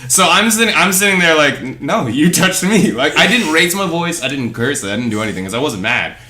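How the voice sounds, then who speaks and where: Young guy podcast host rambling thru a story, lots of likes and restarts, bright punchy voice. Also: a little high, fairly quick. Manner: animated, rambling, many fillers and restarts. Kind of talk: casual storytelling chat.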